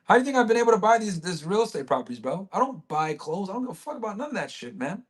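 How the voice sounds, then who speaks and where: A man's voice: high voice, sing-song, rapid-fire. A man hosting a livestream, talking to his chat in a brash, crude way with lots of swearing. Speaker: livestream host.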